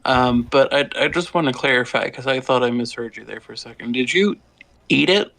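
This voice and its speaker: A man's voice: mid-range voice, fairly quick, vocal fry, fairly bright tone, no echo. A man playing in a tabletop game, friendly and wry in casual talk. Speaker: player.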